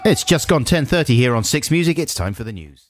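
A man hosting a comic radio show, chatting playfully and breaking into high laughter. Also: expressive, brisk, no room sound. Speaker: radio host. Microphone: studio microphone.

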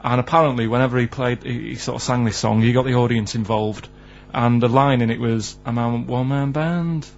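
A man who produces a radio show, telling a rambling anecdote on air. His pitch is average, and the broadcast sound is slightly dull. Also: flat delivery, fairly quick, vocal fry, few pauses, a little hiss or hum. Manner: hesitant, then rambling anecdote. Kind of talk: casual radio banter.

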